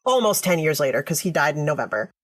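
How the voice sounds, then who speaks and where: A woman's voice: deep voice, sing-song, quick pace. A woman hosting a podcast, casually recounting a true-crime case to her co-host and often checking in with "right?". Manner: storytelling, reads quotes aloud, frequent "right?".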